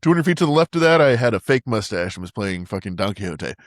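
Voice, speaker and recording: Brief: male co-host, animated profane recap, voice swings widely, dry close sound. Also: fast, dry recording. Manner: animated, lots of "like", swears, acts out lines in a high voice. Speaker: podcast co-host. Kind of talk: casual movie recap chat.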